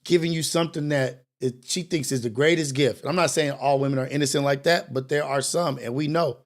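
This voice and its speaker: A young man hosting a morning show, talking in an animated, preachy and confessional way, with slang and cursing. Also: mid-range voice, fairly quick. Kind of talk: casual commentary monologue.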